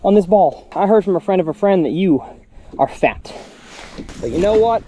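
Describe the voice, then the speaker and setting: An excitable man with a drawl narrates his fishing trip from a boat, his pitch leaping wildly as he cheers and coaxes the fish. His voice is warm and mellow, with faint outdoor noise behind him. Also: normal speed. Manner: excitable, exclaims and talks to the fish. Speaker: fishing channel host. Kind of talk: excited fishing vlog commentary.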